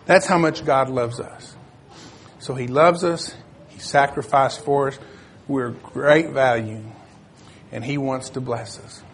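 An older man giving a sermon in a plain, conversational way, reading scripture aloud and pausing to find his verses. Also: mid-range voice, steady tone, a little hiss or hum. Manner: searches for verses, self-correcting. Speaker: preacher.

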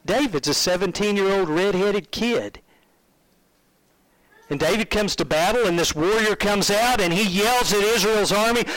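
Male preacher, kinda high voice, chatty storytelling sermon, dry close sound. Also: moderate pace, no echo, low-quality recording. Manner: conversational, animated storytelling, asks the audience questions.

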